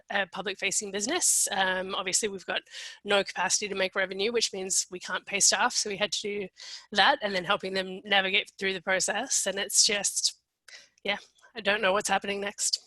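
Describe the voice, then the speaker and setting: A woman's voice: medium pitch, bright, forceful tone, dry recording, low-quality recording. A woman speaking hesitantly with many fillers on a video call from her empty workplace. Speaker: business staff member. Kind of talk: casual chat on a video call.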